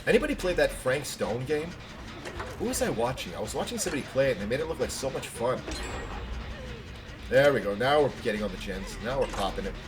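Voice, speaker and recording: Excitable guy streaming a game, lively swoopy voice, noisy background. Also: mid-range voice, fairly quick. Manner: chatty, excitable, laughs easily. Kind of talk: live gameplay commentary.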